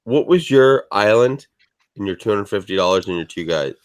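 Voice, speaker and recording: A man's voice: on the low side, expressive, normal speed, no room sound. A man on a podcast, teasing and ribbing his friends in casual, profane banter. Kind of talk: casual chat.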